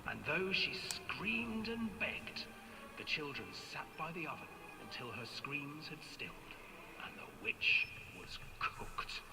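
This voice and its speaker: A man narrating a dark fairy tale for a game in a theatrical voice that drops to a hush. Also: a little high, very animated, slow, full character voice. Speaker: storybook narrator. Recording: long reverb with music behind.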